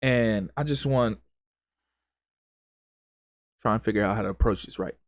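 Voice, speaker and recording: A man's voice: lowish voice, unhurried, no room sound, studio quality. A man hosting a solo podcast, speaking in an impassioned, emphatic way with lots of repetition and casual grammar. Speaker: podcast host.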